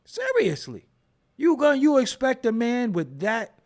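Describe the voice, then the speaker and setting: A man's voice: very high voice, wildly swooping pitch, unhurried, vocal fry, a little mellow. A man hosting a casual commentary show, joking and riffing in slangy with frequent laughs. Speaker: host.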